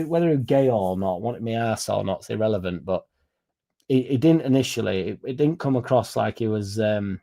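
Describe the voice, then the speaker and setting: Sweary man, mellow voice. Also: on the low side, vocal fry. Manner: rambling, sweary, blunt. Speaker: football fan streamer. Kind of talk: casual livestream storytelling.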